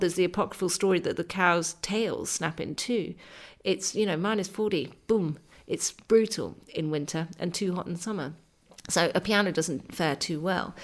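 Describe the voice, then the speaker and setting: A middle-aged woman, an author, speaks in a fairly low register as she tells of her travels. She is vivid and enthusiastic, stacking up images and often restarting her sentences with um and uh. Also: a bit bright. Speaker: author and travel writer, interview guest. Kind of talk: conversational storytelling.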